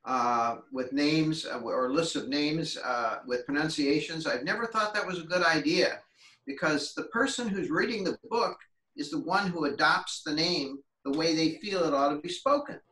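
Bright, roomy, off-mic man on a video call. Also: a little high, normal speed, recorded from a distance. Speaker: author guest in conversation. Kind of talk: casual conversation.

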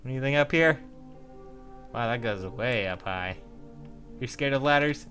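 A young man playing a video game with friends, reading its text aloud in halting starts and joking around. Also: medium pitch, a bit bright. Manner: reads on-screen text in halting starts, playful. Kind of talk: casual lets-play commentary with joking character voices. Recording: faint game music behind.

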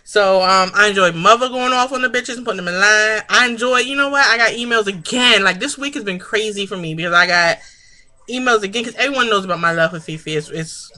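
Brief: bright, sharp-toned woman vlogger, sassy and foul-mouthed, casual review. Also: mid-range voice, fast talker. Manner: sassy, profane, chatty, laughs often. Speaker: reality-TV reviewer.

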